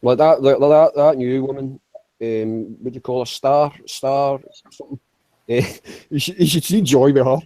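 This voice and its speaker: A man's voice: medium pitch, normal speed, mellow, no room sound, low-quality recording. A man chatting casually, rambling with stammered restarts and frequent swearing. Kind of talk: casual chat.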